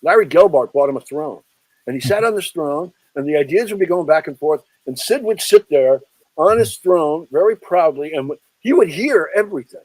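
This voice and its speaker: A man with a fairly high voice tells long show-business anecdotes as a guest. He talks in an animated, chatty way and drops his voice to quote people. The sound is dry and close. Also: normal speed, dry recording, poor audio. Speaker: author and film historian guest. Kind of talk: anecdotal interview storytelling.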